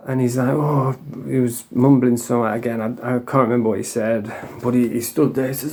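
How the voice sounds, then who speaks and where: Sweary Northern English man with a dark voice. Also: mid-range voice, flat delivery, brisk, hardly any pauses. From England. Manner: rambling, sweary and emotional, with frequent "you know what I mean". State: coming off drugs. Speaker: vlogger. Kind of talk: casual storytelling monologue.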